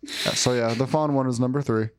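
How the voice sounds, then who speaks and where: A man's voice: medium pitch, steady tone, fairly quick, no echo. A tipsy man chatting casually about beer, hesitant with lots of filler words. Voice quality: smooth, hesitant with many fillers. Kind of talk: casual drunk chat.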